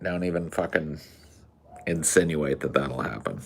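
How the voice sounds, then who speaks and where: Man, podcast co-host, low voice, casual, laid-back, swears. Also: unhurried, vocal fry, a bit bright. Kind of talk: casual chat.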